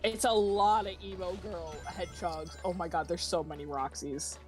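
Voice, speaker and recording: A woman's voice: fairly low pitch, steady tone, moderate pace, a little mellow, soft background music. A woman co-hosting a livestream, reading chat aloud in a casual, giggly way and laughing often. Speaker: stream co-host reading chat.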